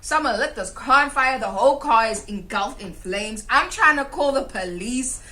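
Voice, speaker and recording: A young South African woman co-hosting a podcast, telling a story in casual chat, animated, swearing freely and laughing as she goes. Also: fairly high pitch, normal speed. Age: young adult. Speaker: podcast co-host.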